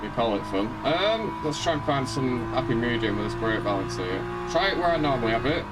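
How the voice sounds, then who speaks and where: A talkative man at an ordinary middle pitch, running a live racing stream from home. He rambles through car settings and greets his viewers by name, with loud music playing behind him. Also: big pitch swings, fairly quick. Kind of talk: casual live-stream chat while racing.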